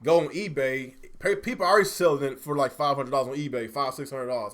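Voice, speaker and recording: A man hosting a casual gaming livestream, animated and quick to swear when riled up. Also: medium pitch. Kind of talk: casual chat.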